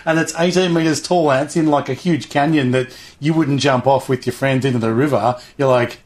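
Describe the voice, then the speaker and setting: A man's voice: mid-range voice, steady tone, fairly quick, few pauses. A middle-aged man chatting casually in an interview, rambling enthusiastically and acting out little voices as he talks. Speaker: guest, hobby show host.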